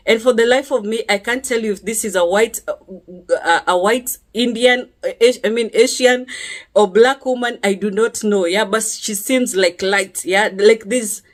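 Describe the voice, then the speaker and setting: A woman's voice: on the high side, moderate pace. A woman telling a personal testimony in a casual vlog, chatty and earnest, often checking in with her listeners. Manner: chatty, checks in with listeners by asking "yeah?" again and again; earnest and emphatic, sometimes rising sharply on key words. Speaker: vlogger sharing a personal testimony.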